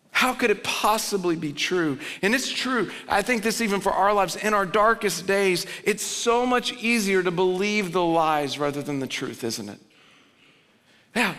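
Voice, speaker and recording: A man preaching a sermon as pastor, swinging between loud urgent pleading and low, quiet emphasis. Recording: long reverb of a large hall.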